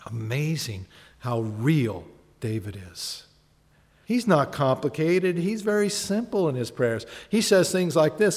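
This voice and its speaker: A man delivers a sermon as pastor, his voice sitting a little high for a man. He talks conversationally, asks the congregation questions and acts out prayers. A long reverb trails each phrase in the church sanctuary. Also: expressive, a little slow, darkish tone.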